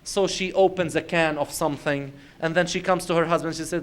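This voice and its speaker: Male Islamic lecturer with a high voice. Conversational storyteller who addresses the audience directly. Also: fairly even intonation, brisk. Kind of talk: lecture to a congregation.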